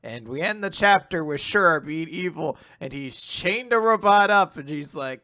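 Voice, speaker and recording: Male podcast co-host, fairly high and bright voice, casual and laughing, quotes scenes with sweary asides. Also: expressive, normal speed. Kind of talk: casual chat.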